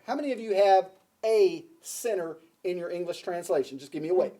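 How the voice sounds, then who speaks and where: A man's voice: sits high, brisk, warm tone. A man preaching a sermon to a congregation, emphatic, repeating key phrases and asking the listeners questions. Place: church before a congregation.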